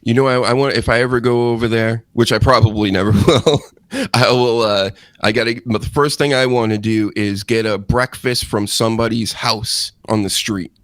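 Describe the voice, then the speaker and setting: A man's voice: mid-range voice, fairly even intonation, moderate pace, no echo, studio quality. A man hosting a casual wrestling chat show, rambling and joking, laughing often. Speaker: podcast host.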